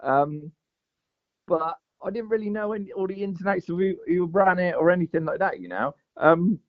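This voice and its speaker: A man's voice: sits high, expressive, normal speed. Rambling man, dull lo-fi sound. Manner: rambling, lots of fillers and "mate". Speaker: guest angler. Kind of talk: casual storytelling chat. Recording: dull lo-fi podcast audio.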